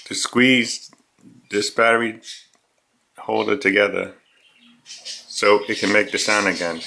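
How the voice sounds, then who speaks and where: A man at home calmly explaining how he fixes a toy, step by step. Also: lowish voice, vocal fry, slight background noise. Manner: slow, methodical, step-by-step. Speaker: dad fixing a toy. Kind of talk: casual explanation. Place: at home indoors.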